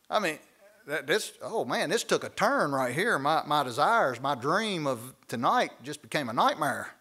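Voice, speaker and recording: Preacher guy, pretty high voice, folksy bible study talk in a church. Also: unhurried, slightly rough. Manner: animated preaching with folksy asides and acted quotes. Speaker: pastor.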